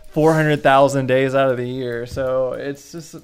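A man's voice: medium pitch, steady tone, a little slow, a crowd in the background. A man chatting casually on a podcast as a guest, wry and self-mocking, often laughing. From Portland area.

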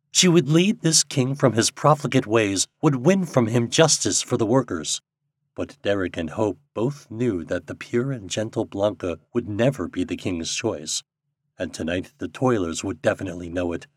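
Husky, low-voiced male storyteller. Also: dry recording, studio quality. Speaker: audiobook reader. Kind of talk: scripted narration.

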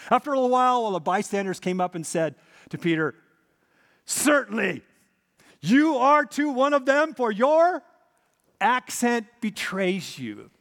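A man preaches a sermon, telling the story with lively, dramatic emphasis. His voice sits high and swings widely in pitch. It rings out with the long reverb of a large hall. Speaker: pastor.

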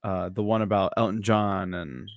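Low-voiced, halting man in dry sound. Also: fairly even intonation, no room sound. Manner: halting, full of "uh" and restarts. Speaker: podcast panelist. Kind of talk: casual chat.

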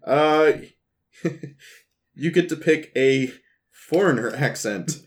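A man acting as game master of a tabletop role-playing game, talking in a relaxed, halting way with many fillers. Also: a little high.

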